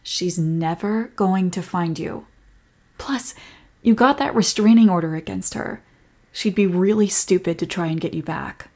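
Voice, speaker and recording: Breathy young woman, whispered role-play, soft protective girlfriend tone. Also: on the low side, measured pace.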